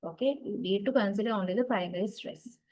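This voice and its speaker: A woman with a mid-range, slightly mellow voice talks quickly through a university lecture on English word stress. English is her second language, so frequent "uh"s, restarts, and "right?" or "okay" checks pepper her speech. It's a rough recording.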